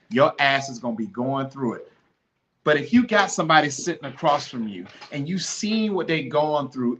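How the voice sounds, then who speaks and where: A man hosts a podcast and tells a deeply personal story. His voice is bright and sharp, and his pitch sits in the middle of the male range. He talks with fervent, pleading emotion that sinks into hushed grief. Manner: impassioned, pleading, then hushed and grieving. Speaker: podcast host.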